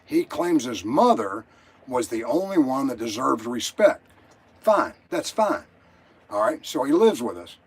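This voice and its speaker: Older guy calling in, husky voice, all worked up and swearing, pitch jumps around a lot. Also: sing-song, moderate pace. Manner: agitated, rambling, profane. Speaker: caller. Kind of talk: emotional call-in story.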